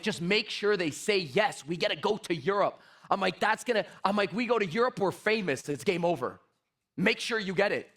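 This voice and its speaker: A high-pitched man speaking to an audience about sales, animated and emphatic. He tells stories and acts out the dialogue, hammering his main points home by saying them again. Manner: emphatic, repeats key phrases. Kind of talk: motivational talk with storytelling.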